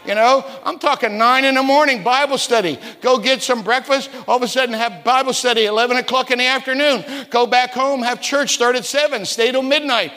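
A man in his sixties from West Virginia preaching a sermon in a church, telling stories, stumbling over repeated words and rising to shouts. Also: very high voice, brisk, few pauses. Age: 60s. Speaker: pastor. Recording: reverberant church hall.

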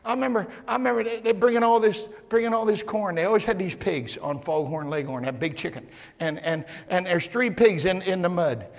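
A man preaching a sermon as pastor, shouting at times and repeating words as he builds. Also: high-pitched, fairly quick, gravelly, few pauses, in a large hall. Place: church.

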